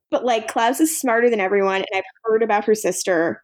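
A woman's voice: on the high side, fast. A young woman co-hosting a casual podcast, recapping a TV episode, laughing often and acting out the characters' lines with casual swearing.

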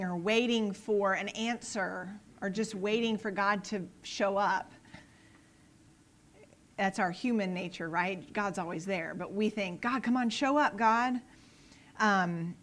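A woman's voice: mid-range voice, fairly bright tone. A woman giving an earnest Bible teaching on the Psalms, emphatic and fond of repeating her phrases.

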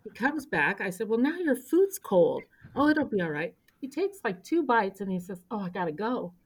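A woman's voice: mid-range voice, fairly quick, slightly rough. A woman in her sixties who spent decades in local government, telling a story as a podcast guest, acting out quotes and growing emotional. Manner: animated storyteller, acts out quotes, turns emotional. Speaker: interview guest, longtime local government official. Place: indoor podcast recording.

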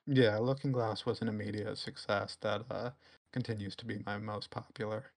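A man's voice: fairly low pitch, steady tone, normal speed. A man guest on a casual podcast, answering questions about his stories in a dry, matter-of-fact way. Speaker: interview guest, story writer.

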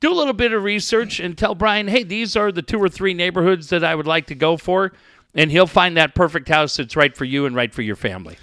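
Bright, brash man doing radio banter. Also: sits high, brisk, no echo, clean studio sound. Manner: crude, bursts into shouting rants. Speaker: radio co-host. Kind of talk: profane comedic banter with live ad reads.

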